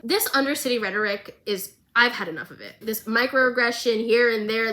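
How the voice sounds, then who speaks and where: Young woman vlogger, chatty and animated, bright voice, a bit high. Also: normal speed, few pauses. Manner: animated, chatty, filler-heavy. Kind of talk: casual recap of a show.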